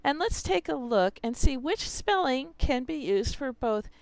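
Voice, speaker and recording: A woman's voice: high-pitched, very animated, measured pace, gravelly, darkish tone, dry recording. A woman teacher explaining how she teaches spelling, talking through her students' examples as she goes. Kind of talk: instructional video.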